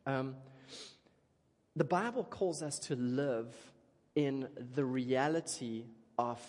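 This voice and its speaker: A man preaching a sermon in an animated, chatty way, often checking in with the crowd. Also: mid-range voice, slow. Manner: animated, chatty, keeps asking "okay?". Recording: long reverb of a large hall.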